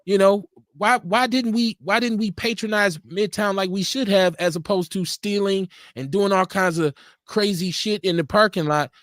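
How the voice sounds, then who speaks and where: A man's voice: high voice, normal speed, no echo, studio quality. A man hosting a casual live radio talk show, telling stories with lots of laughter and acting out what people said. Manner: animated, laughing storyteller acting out quotes. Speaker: show host. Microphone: studio mic for a live stream.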